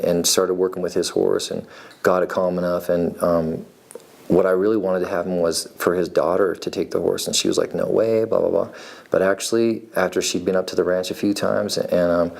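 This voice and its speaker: A man in his forties from Nevada, with a deep voice that has a gravelly fry to it. He tells his life story in a relaxed, meandering way. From Nevada, USA. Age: 40s. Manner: rambling, laid-back, meandering. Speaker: reality show applicant, farrier. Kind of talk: casual personal storytelling.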